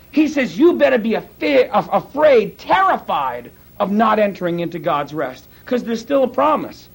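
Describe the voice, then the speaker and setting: A male pastor preaching a sermon in an animated, conversational way, acting out quotes as he goes. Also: extremely high pitch, husky, low-quality recording.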